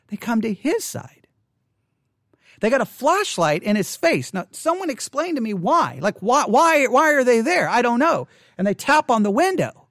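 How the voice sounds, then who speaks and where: A man who hosts a Christian video channel tells a personal story with impassioned indignation, quoting what was said. His voice is high and a bit bright, captured in a dry, studio-quality recording.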